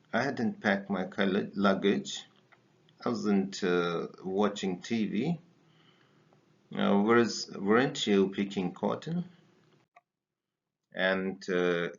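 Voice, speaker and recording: Teacher guy, lowish voice, stops and restarts a lot, drills words over and over. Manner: slow, halting, many fillers and repeated drill words. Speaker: English teacher. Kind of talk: spoken grammar lesson. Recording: dull lo-fi recording.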